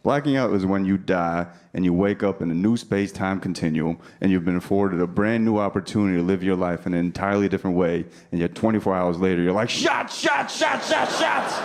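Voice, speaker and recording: A man's voice: deep voice, darkish tone. A man in his thirties doing a stand-up comedy routine on a club stage, talking brashly with profane crowd work. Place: comedy club stage before a laughing audience. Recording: live club sound with audience noise. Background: audience laughter.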